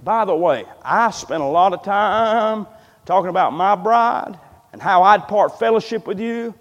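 Recorded with the highs cut off and the long reverb of a big hall, a pastor delivers a fervent, folksy sermon. His high voice is expressive and a little slow, and he repeats words frequently as he builds momentum.

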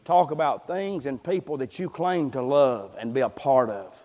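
Speaking at medium pitch and a moderate pace, this pastor has a darkish tone. His sermon is passionate and homespun, with repeated words as he builds up, echoing with a large hall's long reverb.

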